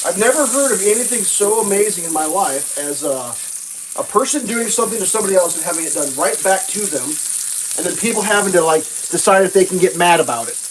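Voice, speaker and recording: A sarcastic woman hosts a live stream from her kitchen, cursing freely as she rants. Her voice sits fairly low but leaps into shrill mocking impressions. Faint sizzling and kitchen noise run behind her. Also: animated, quick pace, low-quality recording. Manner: sarcastic, mocking, swears freely, swoops into high mock voices. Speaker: livestream host. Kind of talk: casual political rant while cooking.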